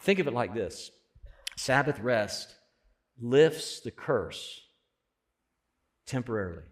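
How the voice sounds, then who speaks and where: A man preaching a sermon as pastor, conversational, swelling loud on key points. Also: mid-range voice, lively intonation, slow pace.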